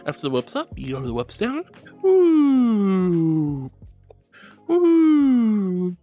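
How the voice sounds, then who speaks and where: A woman's voice: a bass voice, wildly swooping pitch, very fast, a little mellow, faint music behind. A woman streamer chatting casually with viewers, playful and dramatic, calling them honey and sweetie. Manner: playful and dramatic, often laughing. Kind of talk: casual livestream chat.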